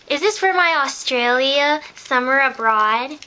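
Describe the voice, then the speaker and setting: A young woman chatting excitably in a casual vlog, telling stories as she opens her mail indoors. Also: high voice, moderate pace, a little hiss or hum. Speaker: vlogger. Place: indoors in a room.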